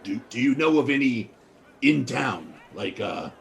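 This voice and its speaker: A man's voice: mid-range voice, animated, measured pace, vocal fry, slight background noise. A man talking as a player in a tabletop game, hesitant and probing.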